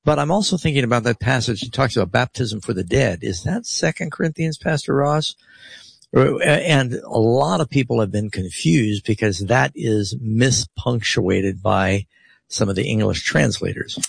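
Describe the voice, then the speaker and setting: Man, radio Bible host, gravelly husky tone, dry close mic. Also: medium pitch, animated, normal speed, dry recording. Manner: explains scripture with rhetorical emphasis. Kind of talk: radio call-in Bible answers. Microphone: studio radio mic.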